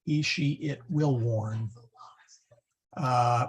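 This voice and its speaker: Slow, gravelly man teaching Latin. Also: medium pitch, fairly even intonation, a little mellow. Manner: slow, patient, stumbles and self-corrects; spells out Latin forms one by one. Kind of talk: classroom lesson.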